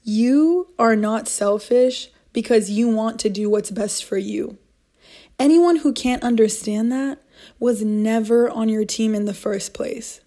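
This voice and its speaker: A woman's voice: a little high, dark tone. A young woman hosting a motivational podcast, talking in an earnest, encouraging way and repeating her key points. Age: young adult. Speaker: podcast host.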